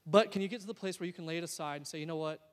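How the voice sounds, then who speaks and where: A young man preaching a sermon, telling stories and swinging from hushed to excited. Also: high-pitched, rapid-fire. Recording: long hall reverb.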